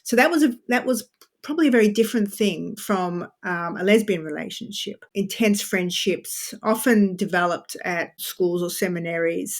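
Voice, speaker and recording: A woman author, a podcast guest, explaining history in a chatty, animated way with frequent asides. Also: mid-range voice. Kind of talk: podcast interview.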